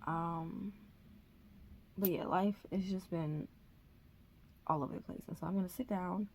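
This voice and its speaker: A woman's voice: on the low side, steady tone, measured pace, pauses often, a little mellow, a little hiss or hum. A woman chatting casually to her camera at home for a reading vlog, rambling with many fillers. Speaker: reading vlogger.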